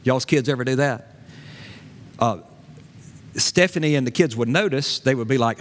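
A man preaching a sermon, folksy and animated, dropping to a low voice in prayer. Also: normal speed, pauses often. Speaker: pastor. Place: church sanctuary. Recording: long hall reverb.

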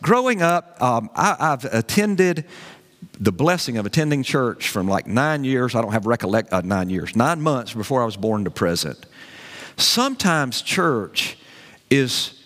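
A man preaching a sermon as pastor, animated and conversational, with folksy asides to the congregation. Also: on the low side, long reverb tail.

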